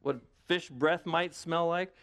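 Higher-pitched man preaching conversationally. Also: fairly even intonation, slow, vocal fry, fairly bright tone. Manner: conversational, lots of rhetorical questions. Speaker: pastor. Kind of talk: sermon.

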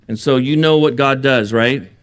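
A man's voice: mid-range voice, normal speed, smooth. A man preaching a sermon, earnest and building to emphatic bursts, with joking asides. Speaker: pastor.

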